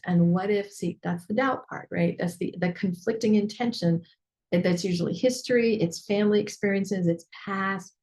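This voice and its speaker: Woman mentor coaching a client; lively, chatty, digressive delivery with lots of fillers. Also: mid-range voice, moderate pace. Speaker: business mentor. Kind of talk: coaching session teaching.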